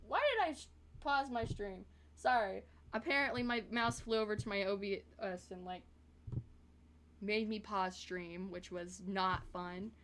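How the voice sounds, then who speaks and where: A woman's voice: mid-range voice, fairly bright tone. A woman from the American South chatting casually on a live stream, rambling with lots of fillers.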